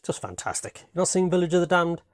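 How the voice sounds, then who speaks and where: A man's voice: high voice, big pitch swings, fast talker, dry recording, studio quality. A man from Britain casually reviewing his latest home movie watches, rambling and enthusiastic, peppering his talk with "man" and "you know what I mean".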